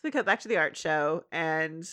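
A woman in her thirties, recapping a cartoon episode in casual chat and acting out the characters' lines. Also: normal speed. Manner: animated, acts out characters' lines in a high voice. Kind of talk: casual chat, retelling with voiced quotes.

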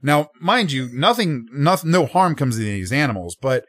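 A man's voice: medium pitch, normal speed, no echo, clean studio sound. A man co-hosting a podcast, talking through a film casually and acting out reactions in quoted voices. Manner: animated, acts out quoted reactions. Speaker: podcast co-host.

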